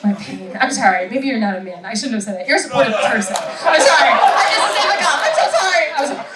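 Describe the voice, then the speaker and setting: A woman's voice: on the high side, lively intonation, fast, heavy background noise. Chatty self-mocking woman comedian. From Rochester, New York. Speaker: stand-up comedian. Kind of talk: stand-up with crowd work. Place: comedy club stage. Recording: echoey room, far mic, loud crowd.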